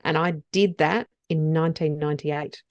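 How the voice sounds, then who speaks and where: Lower-voiced woman co-host, dry sound. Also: steady tone, moderate pace, dry recording, highs cut off. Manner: candid, laughs about her own past mistakes. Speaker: podcast co-host. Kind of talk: casual podcast chat.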